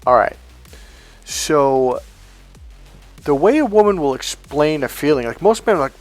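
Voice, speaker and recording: A man's voice: on the high side, animated, a little slow, long pauses, soft background music. A man giving a blunt, profane coaching monologue on dating, emphatic and acting out quoted lines.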